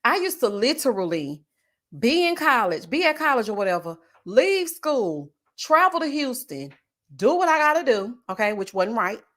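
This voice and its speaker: A woman hosts a casual livestream. Her voice sits a little high, and she reads out viewer comments with lively, drawn-out asides and loud laughs. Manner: animated, laughs loudly, drawn-out "child" and "honey" asides. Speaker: livestream host.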